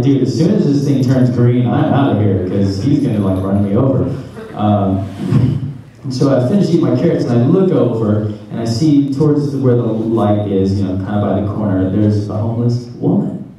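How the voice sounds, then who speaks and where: A man's voice: medium pitch, dark tone. A man from the American South in his thirties, animatedly telling a funny story to a convention audience, laughing as he goes. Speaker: convention panel guest. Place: large convention hall. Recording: far, echoey hall with noise.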